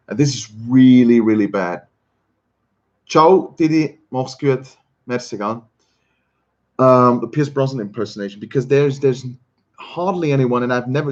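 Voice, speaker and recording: A man from Switzerland, hosting a casual livestream and chatting with viewers in a halting way, often repeating words and chuckling. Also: medium pitch, lo-fi sound. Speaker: livestream host. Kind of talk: casual chat reading viewer comments.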